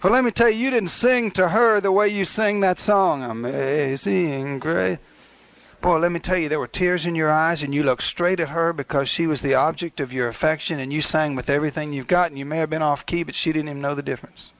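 Older male preacher, folksy conversational sermon, fairly high pitch, dry sound. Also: steady tone, quick pace, few pauses, a bit bright, dry recording. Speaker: pastor.

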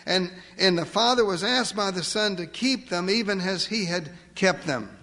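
A man preaching a sermon, emphatic, asking rhetorical questions and slowing down to stress key words. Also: sits high, bright, forceful tone, big-room sound. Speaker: pastor.

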